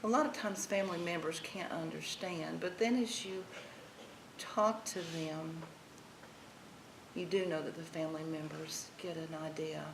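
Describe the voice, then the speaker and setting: Woman, doctor, earnest prepared speech, lowish voice, echoey room, audible noise. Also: steady tone, a little slow. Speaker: guest speaker, doctor. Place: senior center hall. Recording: echoey hall with clear noise.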